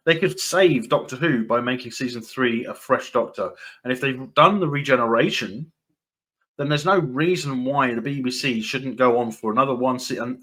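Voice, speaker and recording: A man's voice: medium pitch, fairly bright tone. A man hosting his own commentary channel, rambling through news excerpts with many fillers and restarts, dismissive and repeating points for emphasis. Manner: rambling, with frequent fillers, restarts and dry laughs. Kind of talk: casual opinion commentary, reading news excerpts.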